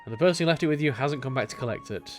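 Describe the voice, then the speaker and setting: A man's voice: medium pitch, rapid-fire, soft background music, lightly acted. A man voicing a polite, eager young female detective who asks questions in a politely inquisitive way. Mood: inquiring.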